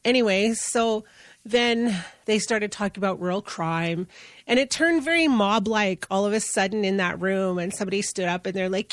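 A middle-aged woman from Canada speaks as an interview guest in a relaxed, earnest storytelling manner, circling back and restarting her sentences as she goes. Her voice sits at a medium pitch. The recording is close and dry, with no room echo. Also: moderate pace. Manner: earnest, conversational, with restarts and fillers. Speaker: guest, justice advocate.

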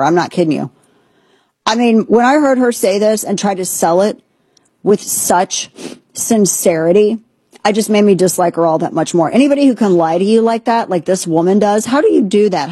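A woman's voice: medium pitch, dark tone, slightly rough, dry recording. A woman hosting a political commentary show, talking in an indignant, sarcastic, emphatic way. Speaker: host.

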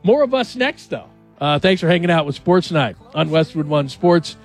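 A man's voice: fairly high pitch, expressive, moderate pace, soft background music. A man hosting a radio show in casual, jokey chat and asking his co-hosts questions. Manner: chatty, jokey, asks the others questions.

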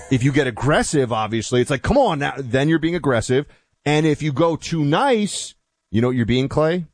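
A man's voice: mid-range voice, expressive, normal speed, no echo, studio quality. A man co-hosting a talk radio show, chatting in a wry, sarcastic way. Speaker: radio co-host. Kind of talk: casual talk radio banter. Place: radio studio.

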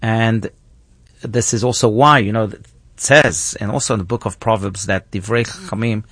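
A male guest, a rabbi, teaches in a conversational, thoughtful way at a normal speed, his voice lowish but fairly bright. The recording is dry, and he earnestly restarts his phrases often.

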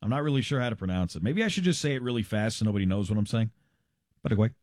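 A man's voice: lowish voice, sing-song, rapid-fire, a little mellow, dry recording, clean studio sound. A man hosting a radio show, chatting casually and joking at his own expense. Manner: joking, self-deprecating, chatty. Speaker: radio host.

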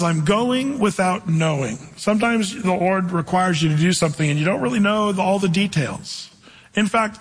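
A man preaching a conversational sermon, reading scripture slowly and telling stories along the way. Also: high-pitched, slightly rough, in a large hall. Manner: conversational, tells anecdotes, reads scripture slowly. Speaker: pastor. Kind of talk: sermon teaching through scripture.

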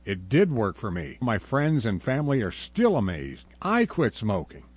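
A man with a husky voice giving an earnest, conversational testimonial in a radio ad. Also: fairly low pitch, wildly swooping pitch, moderate pace, darkish tone, exaggerated voice. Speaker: testimonial speaker.

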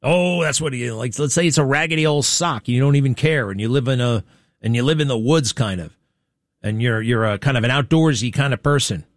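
A man hosts a commentary show in a blunt, chatty way, asking the audience pointed rhetorical questions. His voice sits at an ordinary pitch, and the room around him is dry with no echo. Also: a little fast. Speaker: show host. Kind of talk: commentary on played clips.

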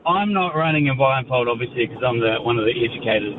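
A New Zealand man phones in to a radio show and spins a casual yarn, stumbling over restarts and laughing as he goes. His voice sits at an ordinary pitch, and it comes through a dull, muffled phone line with clear background noise. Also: lively intonation, fast. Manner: chatty, laughing, many ums and restarts. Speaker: radio caller. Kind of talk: casual storytelling on a call-in show.

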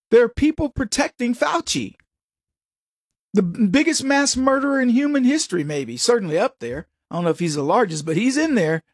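A man's voice: sits high, lively intonation, a little fast, no room sound, studio quality. A middle-aged man hosting a political commentary monologue, emphatic and digressive with sarcastic asides. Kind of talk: opinionated monologue with anecdotes.

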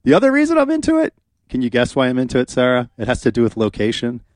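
A man's voice: medium pitch, fast talker, no echo. Chatty male radio host, dry studio sound. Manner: relaxed, chatty, with frequent fillers. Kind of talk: casual radio talk. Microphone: studio microphone.

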